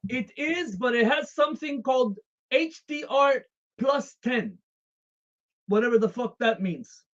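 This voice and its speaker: A streamer playing a devoted Russian communist comrade with a put-on Russian accent, speaking in deadpan, formal broken English on a comedic live stream. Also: mid-range voice, unhurried, highs cut off, close to an everyday voice.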